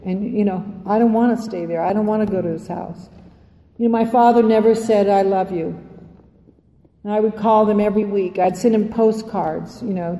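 A woman's voice: medium pitch, dark tone. An older woman giving a heartfelt, rambling share at a recovery meeting, speaking from a podium in a meeting hall. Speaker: Al-Anon speaker. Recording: echoey hall, faint ambience.

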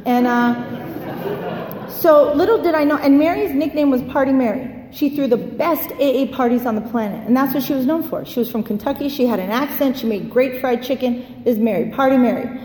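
A woman in her forties telling a personal story in a lively, candid way, acting out the voices she quotes. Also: sits high, brisk. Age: 40s. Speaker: speaker sharing a recovery story. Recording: echoey hall, faint background noise.

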